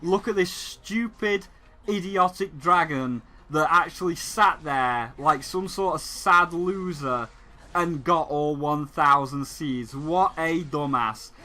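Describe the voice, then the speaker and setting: A taunting video game, played by a man, that mocks the player with insults. The voice sits high and sharp, jeering all the way through. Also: slow pace. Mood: mocking.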